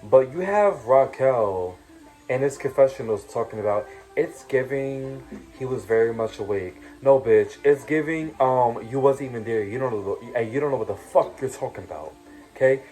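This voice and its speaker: A man's voice: medium pitch, expressive, moderate pace, dark tone, rough recording. A young man telling his story in a casual vlog, ranting heatedly with lots of profanity and fillers like "you know what I'm saying". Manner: profane, heated rant with repeated taunts. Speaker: reality show cast member telling his story.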